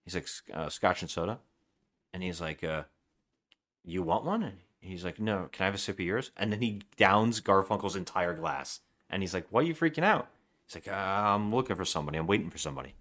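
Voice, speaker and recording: A man's voice: low voice, brisk, fairly bright tone. A man co-hosting a casual podcast, retelling a film's scenes and acting out the characters' lines as he goes. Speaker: podcast co-host. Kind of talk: casual movie-review chat.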